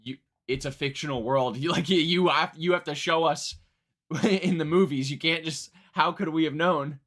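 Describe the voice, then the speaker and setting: Young man, live reaction streamer, bright forceful voice, rambling jokey chatter. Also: fairly high pitch, moderate pace. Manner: chatty, rambling, self-mocking jokes. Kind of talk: casual live reaction commentary.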